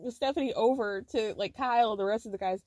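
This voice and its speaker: A woman with a fairly high voice recaps reality TV on her podcast, chatty and quick to giggle. She tells stories in an animated way, and the recording is dry and close, with no room sound. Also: dry recording. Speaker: podcast host.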